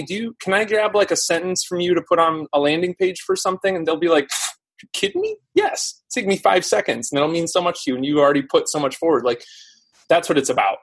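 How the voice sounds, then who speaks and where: A man talking on a casual live stream, his voice slightly husky and sitting a bit high. He tells stories fast and animatedly, full of fillers and quick asides. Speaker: podcast guest, SEO teacher.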